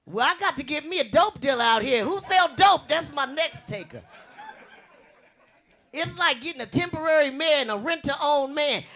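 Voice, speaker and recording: A young woman from the US West Coast works a comedy club stage with a big, bright voice. Her pitch leaps around as she fires off brash, bawdy punchlines. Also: lively intonation, normal speed. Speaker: stand-up comedian. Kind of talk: stand-up comedy routine.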